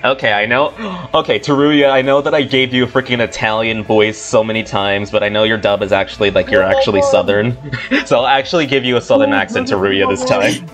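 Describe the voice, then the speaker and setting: A man's voice: lowish voice, brisk, over music. A young man hosting a casual game playthrough, rambling with lots of fillers and laughter. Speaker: let's play host.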